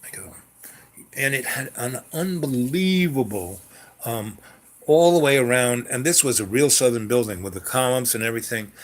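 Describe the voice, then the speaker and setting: An older man telling a personal story in a casual, rambling way, full of fillers and restarts. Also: medium pitch. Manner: rambling, frequent fillers and self-corrections.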